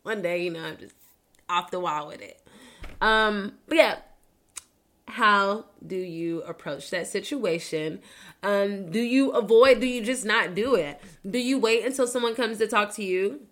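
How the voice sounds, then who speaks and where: Bright-voiced woman podcasting, candid and casual. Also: medium pitch, unhurried. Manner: candid, swearing, laughs between serious bits. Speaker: podcast host. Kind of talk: casual solo podcast talk.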